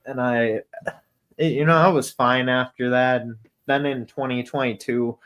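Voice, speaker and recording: A man's voice: medium pitch, steady tone, normal speed, a bit bright. A man co-hosting a casual podcast, telling festival stories in a rambling way full of fillers and swearing. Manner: rambling, profane, many fillers. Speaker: podcast co-host. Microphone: podcast mic.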